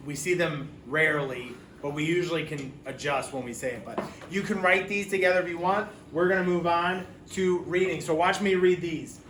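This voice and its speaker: A man's voice: fairly high pitch, moderate pace, hardly any pauses. A man teaching a phonics lesson, patiently sounding out letters for children. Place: classroom. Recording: echoey room, mic far off, background noise.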